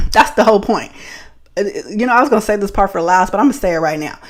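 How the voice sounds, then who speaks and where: A woman from the Bay Area hosting a podcast, telling a story in a blunt, profane, animated way and laughing often. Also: mid-range voice, quick pace. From San Francisco Bay Area. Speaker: podcast host. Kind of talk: casual storytelling monologue.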